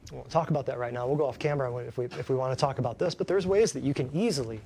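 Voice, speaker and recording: A man's voice: medium pitch, rapid-fire, gravelly, dark tone, a little hiss or hum. A man who works as a chiropractor, giving a folksy, emphatic health talk to a small live audience and keeps asking them questions.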